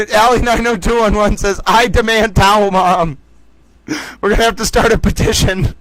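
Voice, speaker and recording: A man's voice: high-pitched, steady tone, normal speed, fairly bright tone, no room sound, rough recording. Playful man hosting a livestream chat. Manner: playful, rambling, jokey asides to chat. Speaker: livestream host. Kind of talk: casual chat reading viewer comments.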